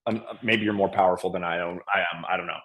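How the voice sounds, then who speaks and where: A man guesting on a podcast, telling a hunting story in a casual, animated way with frequent restarts and fillers. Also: low-pitched, quick pace.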